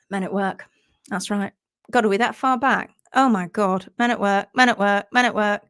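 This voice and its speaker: A woman hosting a casual live stream about horse care, chatting and reading out viewer comments in a lively, animated way. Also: mid-range voice, normal speed, clean tone, no room sound, studio quality. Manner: chatty and animated, laughs easily, acts out quotes in funny voices.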